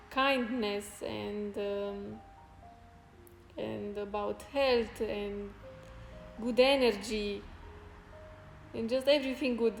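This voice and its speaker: A woman hosting a casual live stream, chatting with viewers in a soft-spoken, halting and grateful way. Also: on the high side. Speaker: fitness streamer. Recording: roomy echo with faint music.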